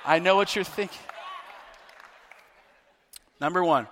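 A male pastor preaches in a bright, high voice that swoops up and down, pressing each point hard and repeating words as he climbs toward a near-shout. His sermon rings out with the long reverb of a large hall. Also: lively intonation, moderate pace, long pauses.

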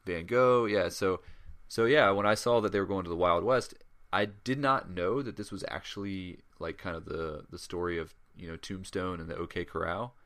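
Deep-voiced man hosting a casual podcast. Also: moderate pace, a bit bright. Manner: rambling, many fillers and restarts. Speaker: podcast co-host. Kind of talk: casual chat.

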